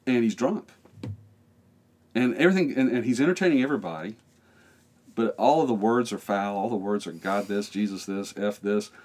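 A middle-aged American pastor telling a lively story in a podcast interview, acting out the voices in it and often laughing. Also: male voice, on the low side, moderate pace.

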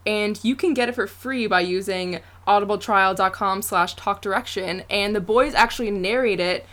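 A woman's voice: medium pitch, normal speed, a bit bright. A young woman co-hosting a podcast, chatting casually with many fillers and frequent laughs. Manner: chatty, giggly, lots of fillers. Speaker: podcast co-host. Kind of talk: casual chat.

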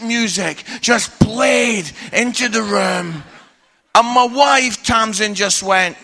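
A man in his forties preaching a sermon from a church stage, telling personal stories in a candid, humorous, animated way. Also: high voice, takes it slowly.

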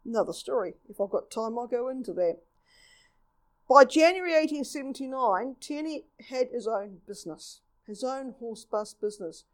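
A woman giving a lively local history talk, reading old newspaper reports and acting out quotes. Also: fairly high pitch, normal speed.

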